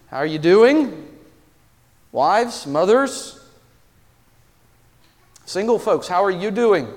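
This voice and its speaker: A man's voice: sits high, big-room sound. A man preaching a sermon as pastor of his church, earnest and conversational, asking his congregation many questions. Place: church sanctuary.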